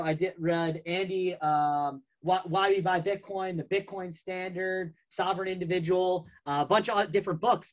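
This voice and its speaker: A man's voice: high-pitched, a bit bright. Rambling man telling a long story. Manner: rambling, filler-heavy storytelling. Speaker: guest. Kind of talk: casual podcast chat.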